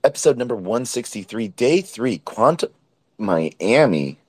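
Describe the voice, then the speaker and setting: A man's voice: mid-range voice, measured pace, no echo. A man hosting a casual nightly recap show, tired and a bit hiccupy, rambling with lots of ums and likes. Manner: relaxed, rambling with many fillers. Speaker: host. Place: Miami, at a conference event.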